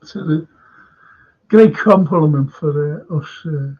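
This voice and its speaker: This older Liverpudlian streamer speaks slowly in a slightly high, breathy voice. His talk meanders as he reads viewers' comments aloud, full of restarts and loose, casual chatter, all captured in dull lo-fi audio.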